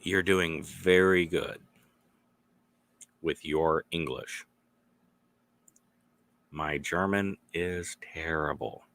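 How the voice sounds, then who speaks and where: Slow, deep-voiced rambling man. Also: vocal fry, fairly bright tone. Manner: meandering, acts out little dialogues. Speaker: podcast host. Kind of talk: rambling solo podcast monologue.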